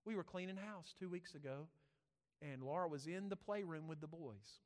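A man's voice: fairly high pitch, lively intonation, moderate pace, a little mellow. Pastor guy telling stories, lots of restarts, echoing church hall. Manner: rambling storytelling, many restarts, rising to preaching. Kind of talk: sermon with personal stories. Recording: long reverb of a church hall.

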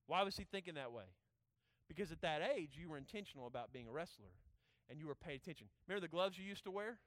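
Male pastor, emphatic preaching with hushed asides, higher voice, dry sound. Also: sing-song, quick pace, dry recording. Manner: emphatic, swings from loud urging to hushed asides. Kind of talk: sermon.

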